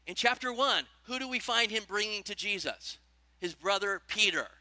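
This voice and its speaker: Bright high-voiced male preacher. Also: moderate pace, dry recording. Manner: animated preaching, asks the congregation questions. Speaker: pastor. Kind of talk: sermon.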